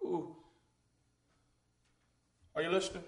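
A man preaching a fervent sermon in a church, swinging from hushed tones to loud shouting and calling out "hey, listen.". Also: high voice, level tone, slow, gravelly. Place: church sanctuary. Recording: echoey church room.

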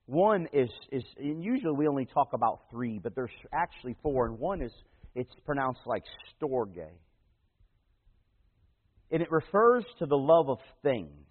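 Folksy pastor preaching over tinny radio. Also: male voice, mid-range voice, animated, measured pace, slightly rough. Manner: folksy storytelling preacher, swings from loud to hushed. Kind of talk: sermon. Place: church. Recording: tinny phone-like radio broadcast in a big reverberant hall.

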